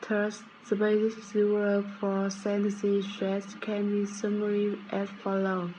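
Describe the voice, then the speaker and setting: A woman reads a prepared lesson script at an unhurried pace. Her delivery stays strikingly flat and steady, with small stumbles. A faint hiss sits behind her voice. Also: medium pitch. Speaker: student presenter.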